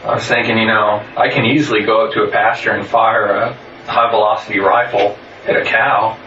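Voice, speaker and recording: A man giving a recorded statement in a flat, halting way, full of pauses and fillers. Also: fairly low pitch. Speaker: interviewee. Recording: muffled, roomy, distant recording.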